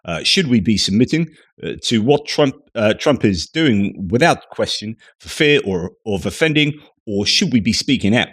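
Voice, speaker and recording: A man's voice: lowish voice, expressive, normal speed, husky, dry recording, clean studio sound. A man doing an indignant New Zealand diplomat. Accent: New Zealand (attempted).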